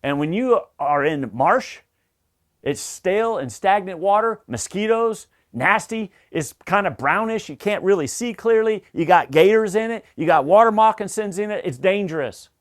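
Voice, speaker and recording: A man's voice: sits high, expressive, moderate pace. A middle-aged man giving an emphatic, coach-like safety training talk, repeating key points. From Southern United States. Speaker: safety instructor.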